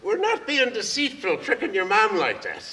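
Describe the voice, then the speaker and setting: A playful old grandmother, put on by a man, raised in pitch and gently reassuring, with a bright, slightly gravelly tone. It is heard from a distance, as if from a stage. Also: huge pitch swings, normal speed, exaggerated voice. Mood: teasing.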